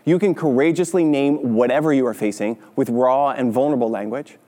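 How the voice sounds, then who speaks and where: A man's voice: medium pitch, fairly quick, mellow, long reverb tail. A male pastor preaching a sermon in a conversational way, often checking in with "right?". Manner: conversational, with frequent "right?" tag questions. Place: church sanctuary.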